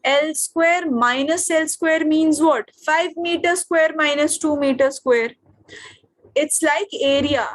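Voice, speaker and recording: A high-pitched woman with an Indian English accent teaches a physics class over a video call. She keeps stopping to ask her students what comes next and whether it is clear. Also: slow pace. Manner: questioning, checks understanding often.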